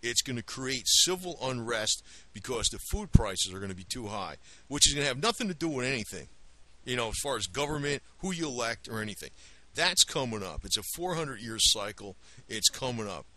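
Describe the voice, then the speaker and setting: A man's voice: medium pitch, sing-song, fairly quick, pushed and bright. A man from the Northeast with a New Jersey accent, rambling to camera in a blunt, profane rant. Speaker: video blogger.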